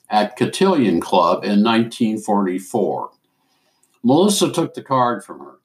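A man hosting a show and reading a story aloud in a measured, deliberate way. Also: lowish voice, very animated. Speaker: host and story reader.

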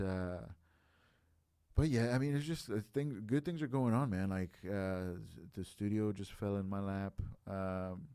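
A man's voice: sits low, dark tone, clean tone, no echo. A man in his late thirties chatting casually on a podcast, reflective and rambling, full of filler phrases. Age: late 30s.

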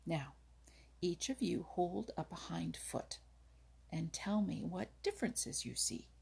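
A woman reading aloud voices Old Mother Nature, a wise, kindly but firm old woman who teaches the woodland animals patiently and can turn sharp. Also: lowish voice, animated, slow, exaggerated voice. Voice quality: husky, creaky. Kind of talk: storybook reading.

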